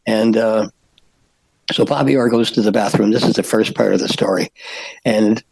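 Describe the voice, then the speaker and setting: An older man, a podcast guest, telling stories in a halting way with many fillers and restarts. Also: on the low side, creaky, a little mellow, slightly rough, low-quality recording. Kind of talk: anecdotal storytelling.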